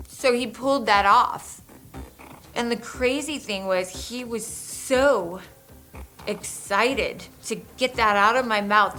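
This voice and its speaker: A woman tells her own story as a survivor, speaking in a measured, halting way with pauses and restarts. Her voice sits at an everyday middle pitch. Soft music plays faintly underneath. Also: rough recording. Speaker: survivor recounting her ordeal. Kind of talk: first-person testimony.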